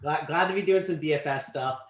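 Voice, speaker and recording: Animated high-voiced man in an echoey room. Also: brisk. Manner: animated, pitch swings widely, trails off quietly. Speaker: show host. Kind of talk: casual sports betting talk.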